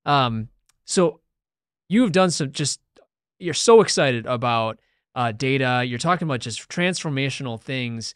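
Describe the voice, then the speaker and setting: A man's voice: medium pitch, expressive, measured pace, clean tone, no room sound, studio quality. A man hosting a podcast interview, enthusiastic and loose, with plenty of fillers. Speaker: podcast host. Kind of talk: casual interview.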